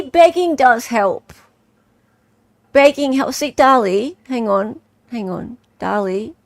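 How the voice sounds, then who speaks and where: A woman's voice: on the high side, animated, slow, pauses often, no room sound. An Australian woman hosting a live stream, chatting casually in a playful, joking, self-mocking way.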